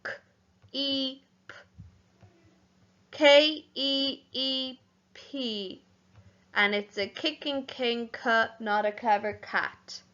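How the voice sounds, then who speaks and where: Slow, bright-voiced woman teacher. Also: on the high side, muffled recording. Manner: slow, spells words letter by letter. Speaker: primary school teacher. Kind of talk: home learning lesson.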